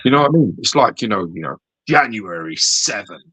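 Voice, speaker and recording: Very deep-voiced British man, swearing. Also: a little fast, husky, no echo. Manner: animated ranting, swears freely. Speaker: podcast co-host. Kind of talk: casual chat.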